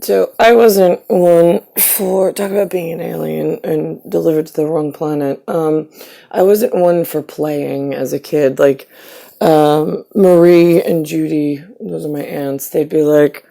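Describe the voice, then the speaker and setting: Woman rambling through a childhood story, gravelly dark voice, kinda husky. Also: low-pitched, fairly even intonation, measured pace. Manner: rambling, wry, acts out quoted relatives. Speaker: vlogger.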